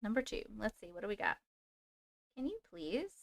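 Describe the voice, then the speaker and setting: A woman in her thirties with a Long Island accent, hosting a casual live stream; she talks loudly and excitedly and laughs often. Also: medium pitch, normal speed, dry recording, clean studio sound. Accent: Long Island New York. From Long Island, New York. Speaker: YouTube live host. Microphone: close microphone.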